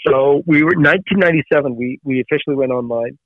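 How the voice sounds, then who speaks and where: A man's voice: a little high, fast talker, no echo. A man from Canada, a guest who founded a news site, talking earnestly in a casual interview with many restarts. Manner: earnest, with frequent restarts and fillers. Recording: tinny phone-like line.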